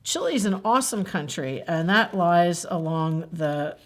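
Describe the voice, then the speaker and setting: A woman's voice: on the low side, animated, a little slow. A woman hosting a library story time, chatting her way through a children's craft and asking the kids questions. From New Jersey.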